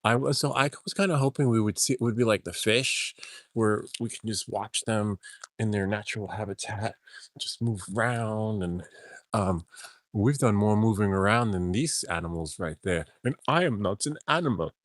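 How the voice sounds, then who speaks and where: A man's voice: lowish voice, normal speed, no room sound. A man vlogging and telling a rambling story, chuckling as he goes and often trailing off and restarting. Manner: chuckles through his stories, trailing off and restarting.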